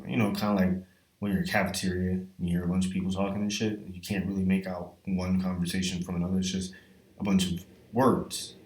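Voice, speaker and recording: A man telling a rambling, profane comedic story in a casual, animated way. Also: sits low, fast. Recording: echoey room with faint music.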